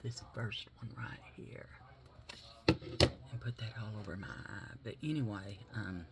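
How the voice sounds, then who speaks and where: A man's voice: fairly low pitch, unhurried, very noisy. A man vlogging casually while doing his makeup, rambling and swearing easily, with whispered asides.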